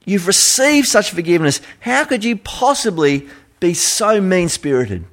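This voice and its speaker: A man's voice: high voice, very animated, measured pace, voice pushed up, full character voice. A man with an Australian accent voicing a stern but forgiving male king who rebukes a servant in an emphatic, reproachful voice.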